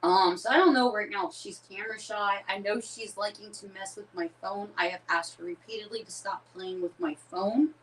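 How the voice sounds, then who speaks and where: A woman on a live paranormal investigation, talking to her viewers in a hushed, uneasy way while cold and shivering. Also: medium pitch, normal speed, few pauses, distant mic, rough recording.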